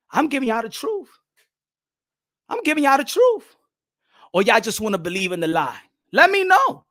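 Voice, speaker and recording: A man hosting a boxing commentary channel in a loud, profane, shouting rant that switches between English and Spanish. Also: very high voice, dry recording, clean studio sound. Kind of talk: ranting video commentary.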